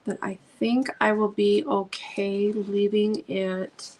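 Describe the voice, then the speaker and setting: A woman's voice: medium pitch, little pitch movement, takes it slowly, a little mellow, low-quality recording. A middle-aged woman, a craft channel host chatting casually while she paints, gushing storyteller with many ums.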